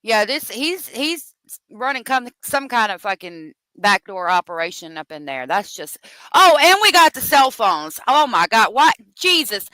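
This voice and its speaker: A woman's voice: fairly high pitch, sing-song, measured pace, sharp tone, no room sound, poor audio. A woman hosting a true crime commentary show, talking off the cuff in a profane, exasperated rant.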